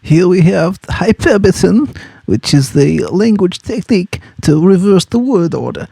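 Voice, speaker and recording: A man teaches students about a novel in a loose, chatty, playful way, hammering home the points they need to write down. His voice is gravelly and mellow, sitting a bit high for a man. The recording is dry and close. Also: lively intonation, moderate pace, no echo. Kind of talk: study guide explanation.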